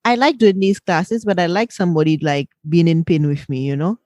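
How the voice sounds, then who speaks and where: A woman's voice: fairly low pitch, steady tone, a little fast, a little mellow, no room sound. A woman co-hosting a podcast in casual chat, giggly and chatty. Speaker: podcast co-host.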